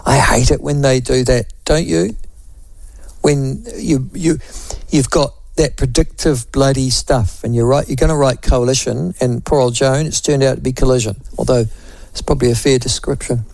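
A man's voice: medium pitch, fairly even intonation, normal speed, creaky, a little mellow, dry recording. A man with a New Zealand accent hosting talkback radio, chatting wryly and reading out listener messages. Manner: chatty, wry, self-deprecating asides.

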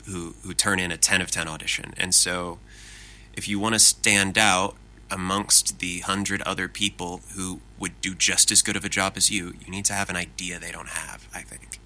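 Male voice actor, low but very bright tone, animated self-deprecating interviewee. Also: moderate pace, rough recording. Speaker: interview guest. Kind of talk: casual interview talk.

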